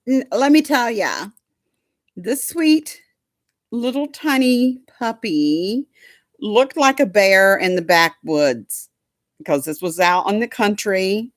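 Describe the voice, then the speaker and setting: A woman's voice: medium pitch, lively intonation, takes it slowly, dry recording, studio quality. A woman chatting casually to a live audience at home, folksy and doting, drifting into baby talk with her dog. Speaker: livestream host chatting with viewers.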